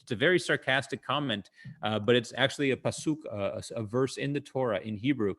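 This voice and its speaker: A man talks through jokes and stories in a relaxed, conversational way, recorded over a video call. He pauses on fillers and stops to explain his punchlines, like a comedian teaching an audience. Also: mid-range voice. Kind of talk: casual storytelling talk over video call.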